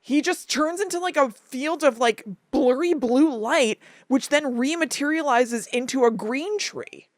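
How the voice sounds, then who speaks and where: Animated woman recapping, higher voice, dry sound. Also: a little slow, hardly any pauses, no echo. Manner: animated, laughing and crying while retelling. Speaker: podcast co-host. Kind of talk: casual chat recapping a cartoon episode.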